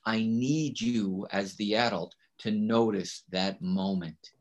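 A man's voice: fairly low pitch, takes it slowly, dull audio. Emphatic man as a podcast guest. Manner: emphatic, often asks rhetorical "right?". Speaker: education speaker, podcast guest. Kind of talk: casual interview talk.

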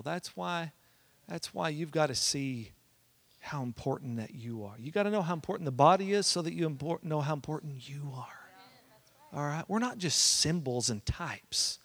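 Animated preacher telling a story. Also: male voice, on the high side. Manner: animated, swinging between loud and hushed. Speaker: pastor. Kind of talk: sermon with personal storytelling.

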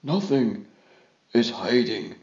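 A man's voice: medium pitch, big pitch swings, takes it slowly, darkish tone, echoey room, dull audio. A man voicing a cheery, confident vizier. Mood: breezy. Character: cheery confident male vizier on a spacecraft radio.

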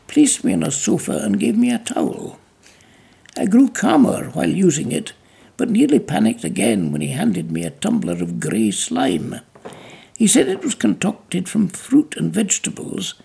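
A narrator reading a novel aloud in measured storytelling, with small slips and restarts, in a gravelly, husky voice. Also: medium pitch, dark tone. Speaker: audiobook narrator.

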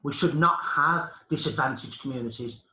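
A man's voice: medium pitch, normal speed, pushed and bright, roomy sound, highs cut off, slight background noise. A man with a Birmingham accent, a historian guest talking with passion and emphasis in a panel conversation. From Birmingham, England.

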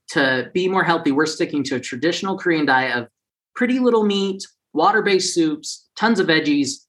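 A man's voice: fairly high pitch, fairly bright tone. A man in his forties telling a personal story in a casual way, acting out the people he quotes in raised, funny voices.

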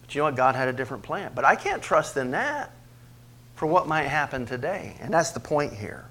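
Male preacher, slightly high voice; dynamic sermon delivery, quiet asides building to loud emphatic peaks, questions to the room. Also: sing-song, a little fast. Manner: preaches with big swings in pitch and loudness, rising to emphatic peaks; asks the congregation questions directly. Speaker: pastor.

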